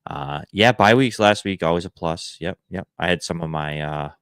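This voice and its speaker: A man hosting a live fantasy football advice show from home, answering viewers in a relaxed, chatty way. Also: low-pitched, smooth, no echo, clean studio sound. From Buffalo area. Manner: relaxed, chatty, quick verdicts with fillers. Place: home room he calls Santa's workshop.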